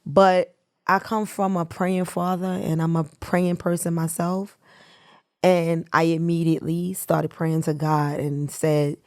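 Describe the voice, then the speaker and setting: A middle-aged woman, the host's mother, telling a painful personal story in a reflective, soft-spoken way. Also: low voice, level tone, unhurried, dry recording, studio quality. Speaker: guest, mother of the host. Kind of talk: emotional personal recollection.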